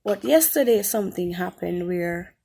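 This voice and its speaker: A woman's voice: on the low side, lively intonation, moderate pace, gravelly, dark tone, breathy edge. A woman giving an earnest spoken Christian testimony, repeating phrases for emphasis. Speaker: testimony speaker.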